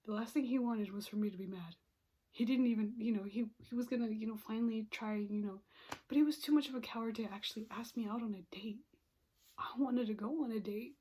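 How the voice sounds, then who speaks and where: A young woman with a slightly high, mellow voice that carries a soft breathy rasp. She tells a personal story in a casual, confiding way. She sighs often and slips into whispered asides. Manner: frequent sighs and breathy pauses. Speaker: vlogger telling a personal story.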